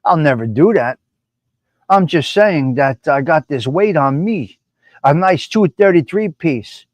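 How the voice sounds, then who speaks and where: Brash New live-stream host, tough-guy swagger, slightly high voice, dry sound. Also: lively intonation, a little slow, no echo. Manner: swaggering, profane, repeats lines for emphasis. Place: his apartment.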